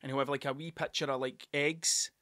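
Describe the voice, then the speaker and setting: A man's voice: medium pitch, fairly even intonation, a little fast, a bit bright, no room sound, studio quality. A man with a Scottish accent, rambling and swearing through a casual solo podcast monologue. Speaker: podcast host.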